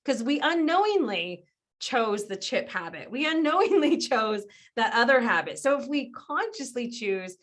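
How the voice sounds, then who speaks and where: Lively, animated woman explaining habits. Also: a little high, moderate pace. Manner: animated, acts out quoted voices; laughs often while explaining. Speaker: guest business strategist. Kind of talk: conversational podcast interview.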